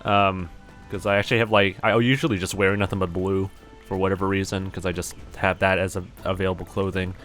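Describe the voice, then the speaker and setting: A man's voice: low-pitched, flat delivery, a little fast, a bit bright, faint music behind. A young man from New Zealand chatting casually on a live stream, rambling and self-deprecating with lots of fillers and restarts.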